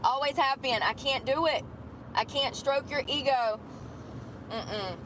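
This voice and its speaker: A woman's voice: high voice, measured pace, background noise. A middle-aged woman ranting bluntly and profanely about her job. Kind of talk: candid rant.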